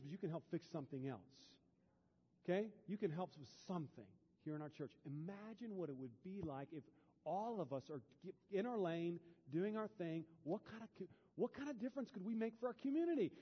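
A pastor preaching a sermon in a church, dropping to a hush and then building to loud, fervent peaks. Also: male voice, high voice, animated, fairly quick, slightly rough. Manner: swings from hushed to loud and fervent. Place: church sanctuary. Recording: dull, long hall reverb.

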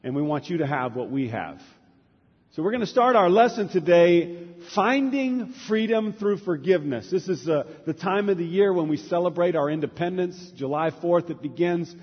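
A man's voice: high voice, expressive, moderate pace, slightly rough. A man preaching a sermon as pastor, repeating key words for emphasis. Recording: reverberant church hall, dull lo-fi.

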